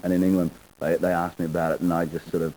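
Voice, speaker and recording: A young Australian man sits as an actor guest on a talk show and tells wry, joking stories. His voice is very low and dark. He rattles along fast. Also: level tone, a little hiss or hum, poor audio. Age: 20s. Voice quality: wry, joking, quick rambling. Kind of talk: TV interview.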